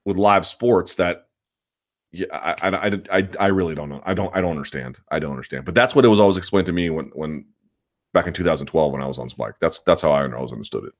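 Low-voiced man rambling through viewer questions. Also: fast talker. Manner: rambling, restarts sentences, self-assured. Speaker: host answering viewer questions. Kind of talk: live chat, casual and opinionated.

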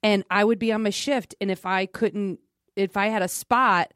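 A woman's voice: mid-range voice, normal speed, clear, resonant tone, no echo, studio quality. A middle-aged woman comedian, a podcast guest, telling stories in casual chat with candid, slightly profane energy. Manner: animated storyteller, candid and a bit profane.

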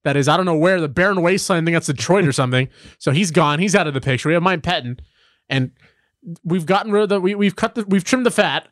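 A young man co-hosting a casual sports chat, telling rambling stories full of "um" and "like", jumping up in pitch when he gets worked up. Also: fast, no echo, studio quality. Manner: animated, rambling storytelling with many fillers. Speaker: podcast co-host.

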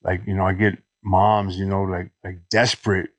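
A middle-aged man from Los Angeles, guest on a podcast, telling his recovery story in halting speech full of restarts. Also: deep voice, little pitch movement, no room sound. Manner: halting, many restarts and "you know"s.

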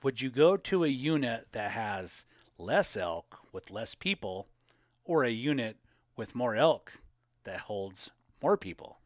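A man co-hosting a casual live question-and-answer chat about elk hunting, talking in a relaxed, rambling way with plenty of fillers. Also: medium pitch, takes it slowly, no room sound, clean studio sound.

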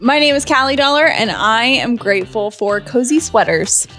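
A woman co-hosting a podcast in casual chat, telling a story quickly while upset and close to tears. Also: on the high side, a bit bright, soft background music. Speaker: podcast co-host.

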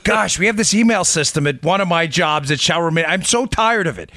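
A man hosting a political talk show, talking in an animated, exasperated, ranting way. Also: a little high, brisk, dry recording, studio quality. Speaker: radio show host.

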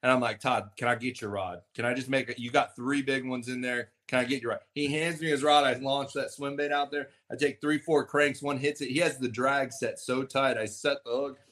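A man hosting a casual podcast chat, easygoing and quick to laugh. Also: mid-range voice. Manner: easygoing, laughs often, relaxed backchannel. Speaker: podcast host.

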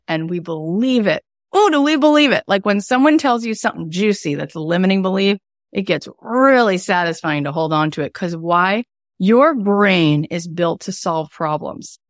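Woman in her forties, spiritual workshop teacher, emphatic and animated, low-ish voice, dry sound. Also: moderate pace, no room sound. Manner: emphatic, animated, repeats for effect. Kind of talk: spiritual self-help workshop talk.

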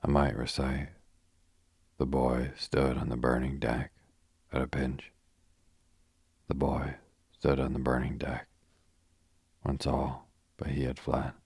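A man reading the lines of a wry, adventurous young gentleman guiding a tour, breezy and understated. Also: very deep voice, monotone, takes it slowly, gravelly, pauses often, slightly rough, dry recording, clean studio sound, full character voice.

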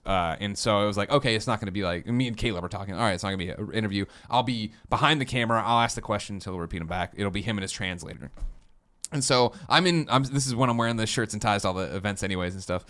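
A man in his thirties co-hosting a podcast, telling stories in an excitable, rambling way with lots of swearing and restarts. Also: fairly low pitch. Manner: fast, excitable storytelling with frequent swearing and restarts. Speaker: podcast co-host. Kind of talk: casual chat.

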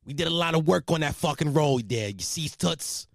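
A man putting on a brash, gruff older Italian-American tough guy voice, talking down in a drawn-out way. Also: a little high, animated, dry recording, clean studio sound. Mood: swaggering.

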